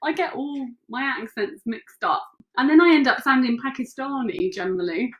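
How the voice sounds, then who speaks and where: A woman's voice: high voice, normal speed, dull audio. A woman co-hosting a casual home question-and-answer chat, teasing her partner and laughing often. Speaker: co-host. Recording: echoey room.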